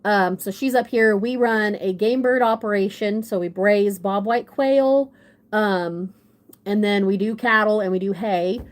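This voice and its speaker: A woman's voice: mid-range voice, measured pace. Rambling self-deprecating woman telling a story. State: runny nose. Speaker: livestream guest. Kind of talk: casual storytelling chat.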